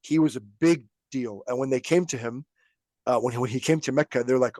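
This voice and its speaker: Brisk and animated, the man's slightly high, darkish voice comes through clean with no room sound. As a podcast host he tells religious history like a casual story, voicing the quotes and laughing now and then in an informal lesson.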